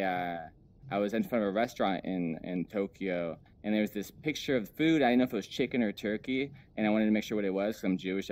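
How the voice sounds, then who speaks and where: A man doing a stand-up comedy set in a virtual world, nervous and self-deprecating, stumbling over many ums between jokes. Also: on the low side. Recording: lively laughing crowd behind.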